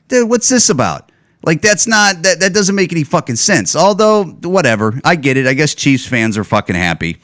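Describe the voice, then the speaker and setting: A man hosting his own podcast, ranting casually and sarcastically with plenty of swearing and loud, higher outbursts when he gets worked up. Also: animated, moderate pace. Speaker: podcast host. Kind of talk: casual solo podcast rant.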